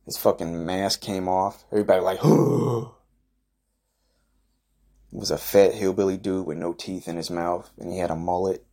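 A young man hosting a podcast, telling an absurd, profane, boastful story in a rambling deadpan way. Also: deep voice, brisk, few pauses. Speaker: podcast host.

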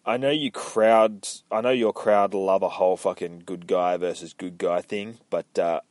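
Man voicing grim armored vigilante, clipped flat lines, dismissive, dry close sound. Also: low voice, normal speed, no echo, lightly acted. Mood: curt.

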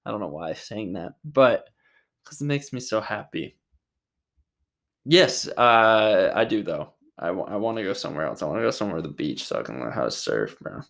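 A young Utah vlogger answers viewer questions in a lowish, slightly bright voice that's expressive and moderately paced. He rambles and jokes, swearing a lot along the way.

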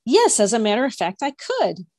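A woman's voice: fairly high pitch, wildly swooping pitch, moderate pace, darkish tone, voice pushed up. A woman voicing a shy, hopeful teenage girl who speaks eagerly and a little breathlessly.

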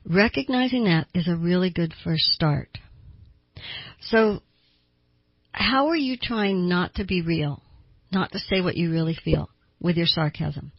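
Husky older woman hosting an advice show. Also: fairly low pitch, unhurried, dry recording, lo-fi sound. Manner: earnest, asks listeners direct questions. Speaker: radio therapist host.

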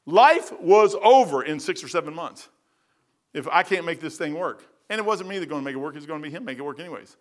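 Middle-aged man preaching, fairly high voice, chatty folksy delivery with big swings in pitch and loudness. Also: animated, quick pace. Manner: casual slang, addresses listeners as man and brother. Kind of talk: sermon.

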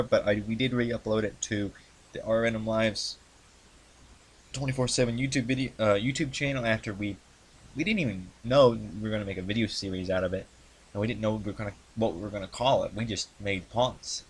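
A young man with a fairly low voice talks through the history of his video series in a loose, rambling way. He hesitates often, piling up ums and false starts as he goes. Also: a little hiss or hum. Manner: halting, many ums and restarts. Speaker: YouTuber recounting his channel's history. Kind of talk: casual rambling monologue. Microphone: handheld mic he adjusts.

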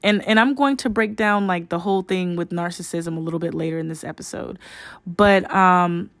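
Rambling woman podcaster, low dry voice. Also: normal speed, fairly bright tone, no echo. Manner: rambling, many fillers and restarts, addresses listeners as y'all. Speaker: podcast host. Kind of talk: casual spiritual podcast monologue.

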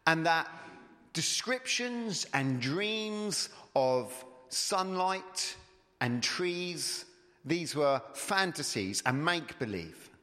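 A man's voice: a little high, very animated, drawn-out words, pushed and bright. A man preaching a sermon, conversational and digressive, retelling a story before turning to the Gospels. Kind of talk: sermon with read-aloud story. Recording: long hall reverb.

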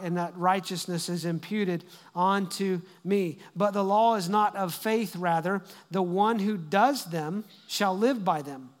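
Man, pastor, high voice, emphatic sermon, loud and hushed by turns, long hall reverb. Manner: emphatic, repeats phrases to build up, swings between loud and hushed.

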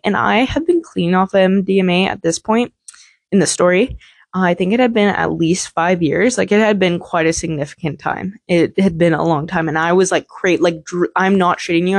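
A woman's voice: lowish voice, no echo. A young woman hosting a podcast, telling a candid, rambling personal story full of swearing and filler words. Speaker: podcast host.

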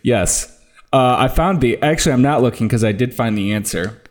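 A man's voice: mid-range voice, animated, moderate pace. A man co-hosting a podcast in casual chat, telling stories and teasing the others.

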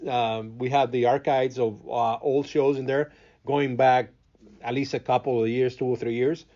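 Slightly muffled audio captures a medium-pitched man from Cuba, a native Spanish speaker, talking in English. Acting as radio host and interview guest in laid-back interview talk, he keeps pausing, repeating himself, and restarting with fillers as he hunts for words.

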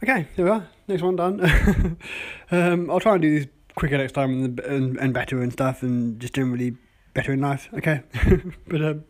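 At home indoors, a vlogger tastes coffees for a casual daily video diary, rambling and chatting with lots of ums and self-mocking asides. The voice is mid-range, a little mellow, at a moderate pace.

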